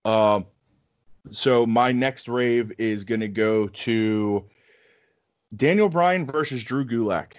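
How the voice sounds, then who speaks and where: A man with a mid-pitched voice talks casually as a podcast co-host. He speaks hesitantly, with many ums and stammered restarts. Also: slow pace, muffled recording. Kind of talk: casual chat.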